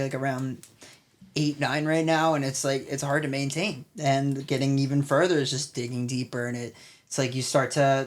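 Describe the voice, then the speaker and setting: A man in his twenties, a personal trainer and guest, chatting casually in slangy, rambling talk, tired and hungry. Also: medium pitch. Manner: slangy, rambling, full of "like" and "bro". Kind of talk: casual podcast chat.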